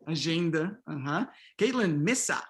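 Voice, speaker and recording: Here a middle-aged workshop instructor, voice a little high and animated, moves at normal speed through an online pronunciation class. Over video call he picks out students, repeats words back to them and affirms them frequently.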